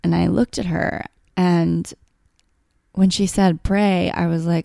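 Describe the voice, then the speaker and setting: A woman's voice: fairly low pitch, steady tone, a little slow, creaky, warm tone, dry recording, studio quality. A woman telling a personal story in a candid, heartfelt way, full of "like" and "you know". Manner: emotional, heartfelt, filler-heavy with frequent "like".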